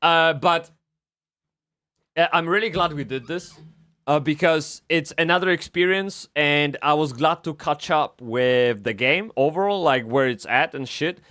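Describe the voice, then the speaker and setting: A man streaming a game live, rambling and swearing as he swings from excited yelling to low muttering. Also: unhurried. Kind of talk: live gameplay commentary.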